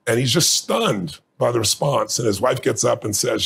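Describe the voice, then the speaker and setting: A man's voice: medium pitch, animated, normal speed, vocal fry, a bit bright, slightly rough. A middle-aged man, a guest in an interview, telling stories earnestly and intensely and choking up with emotion. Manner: earnest, intense, gets choked up. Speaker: guest speaker.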